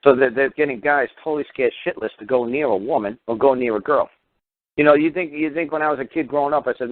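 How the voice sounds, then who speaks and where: A man's voice: medium pitch, fast, no echo. An older man hosting a talk show, ranting with heavy profanity and emphatic repetition. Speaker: radio talk host. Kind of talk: angry ranting monologue. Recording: dry tinny phone-line audio.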